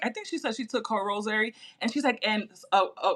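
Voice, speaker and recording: A woman telling a personal story in casual chat, animated and full of fillers. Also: a little high, normal speed. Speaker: podcast host.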